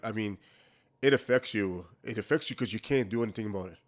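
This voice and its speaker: A man's voice: fairly low pitch, fairly even intonation, fast. Man telling candid hockey stories. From Quebec, Canada. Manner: candid, frequent restarts, acts out quoted exchanges. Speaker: former hockey player, guest. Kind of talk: casual interview storytelling.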